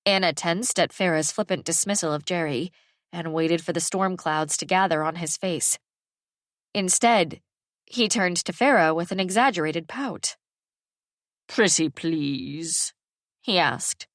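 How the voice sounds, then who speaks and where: This is scripted audiobook narration by a woman with a lowish voice, delivered in an even, measured storytelling manner. The sound is dry and clean, as from a studio.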